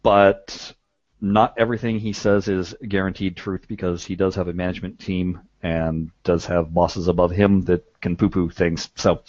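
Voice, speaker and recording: A man hosting a podcast in casual chat. He is chatty, laughs often and fills his pauses with "uh". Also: sits low, wildly swooping pitch, no room sound, dull audio. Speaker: podcast host.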